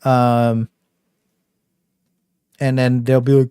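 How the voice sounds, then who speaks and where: A man's voice: mid-range voice, normal speed, a little mellow, no echo, clean studio sound. A young man casually chatting on his game livestream, rambling with lots of fillers and a trolling swagger. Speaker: game streamer.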